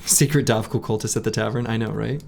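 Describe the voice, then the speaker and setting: A man's voice: fairly low pitch, steady tone, fast, vocal fry, darkish tone, slight background noise. A man casually commenting on his game as he plays, thinking aloud and chatting with his viewers. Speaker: game streamer.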